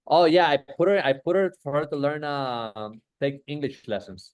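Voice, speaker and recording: Rambling, slightly high-voiced man on a call. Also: expressive, normal speed, smooth, muffled recording. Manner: profane, rambling, lots of "bro" and "like". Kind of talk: casual chat.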